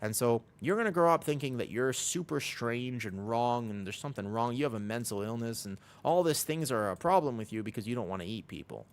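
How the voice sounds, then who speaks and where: A man's voice: mid-range voice, expressive, fairly quick, hardly any pauses. A man streaming a game, chatting casually with viewers in a rambling way. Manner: rambling, lots of "like" fillers. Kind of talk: casual livestream chat.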